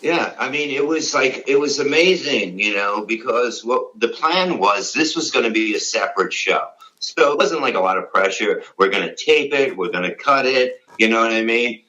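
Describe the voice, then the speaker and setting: A man's voice: mid-range voice, animated, normal speed, few pauses, sharp tone, lo-fi sound. A middle-aged man, a comedian, telling stories in an interview in a rambling, profane way, acting out the dialogue he quotes. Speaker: comedian and radio guest. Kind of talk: candid interview storytelling.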